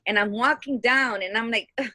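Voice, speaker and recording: A woman in her fifties co-hosting a casual livestream chat, lively and laughing, dropping Spanish greetings. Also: mid-range voice, measured pace, no echo. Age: 50s. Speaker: co-host, life coach. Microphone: video call.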